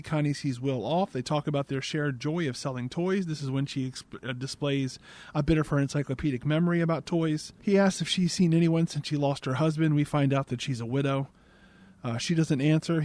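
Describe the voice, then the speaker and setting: A man's voice: fairly high pitch, a little mellow. A man hosting a podcast, giving a casual, sarcastic and exasperated movie recap. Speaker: podcast host.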